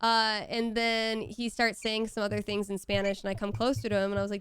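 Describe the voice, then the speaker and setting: A woman chatting on a casual stream from home, telling animated stories with some casual swearing. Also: mid-range voice, brisk, few pauses, clean tone, no echo. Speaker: voice actor signing on stream.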